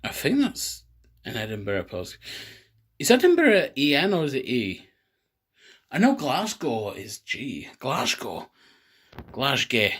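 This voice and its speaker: A man's voice: medium pitch, wildly swooping pitch, a little slow, husky. A young man rambling and swearing casually while hosting a home cocktail video. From England. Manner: swears a lot, rambling and self-mocking.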